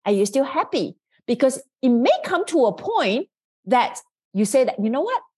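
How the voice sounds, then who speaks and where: Female podcast host, motivational monologue; high voice that swings widely, earnest and coaching. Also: very animated, normal speed, a little mellow, breathy edge.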